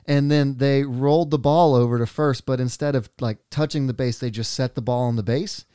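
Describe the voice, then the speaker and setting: A man with a smooth, clear voice telling a story in casual chat. He laughs a lot and drops quick asides into it. The sound is dry and close. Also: medium pitch, steady tone, mellow, dry recording.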